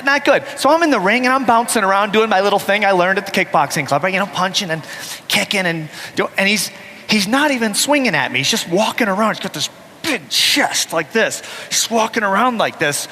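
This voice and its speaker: A man giving a motivational keynote, telling a story with lively acted-out voices. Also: high voice, moderate pace, a little hiss or hum. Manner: animated, acts out the voices in his story. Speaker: motivational speaker. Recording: echoey hall with faint ambience.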